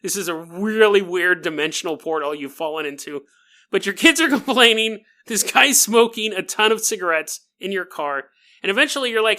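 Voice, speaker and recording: A man's voice: high-pitched, animated, normal speed, bright, forceful tone. A man hosting a podcast, telling a paranormal story with jokey, laughing asides aimed right at the listener. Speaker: podcast host.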